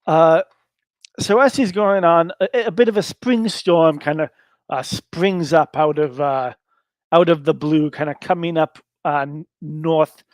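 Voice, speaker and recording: A man narrating his own solo tabletop game, rambling along with plenty of fillers. His voice sits a little high. The recording is dry and close. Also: unhurried, dry recording.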